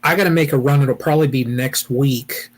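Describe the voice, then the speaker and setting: A man's voice: medium pitch, fairly quick. A man from Ohio hosting a weekly beekeeping live chat, rambling casually with lots of "you know" and restarts.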